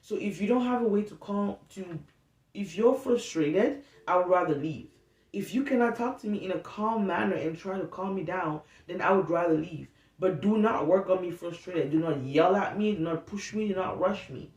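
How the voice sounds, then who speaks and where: A woman's voice: fairly low pitch, normal speed, darkish tone. A woman talking candidly in an unscripted self-help vlog, rambling and swearing freely. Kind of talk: unscripted casual monologue. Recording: roomy, distant mic, faint noise.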